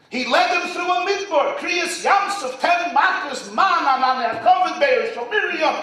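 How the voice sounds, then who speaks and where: A rabbi giving an impassioned sermon at an event, swinging from shouts to near-whispers and using Hebrew and Yiddish terms. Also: male voice, very high-pitched, normal speed. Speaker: rabbi and speaker. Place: event hall. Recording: echoey hall from far off.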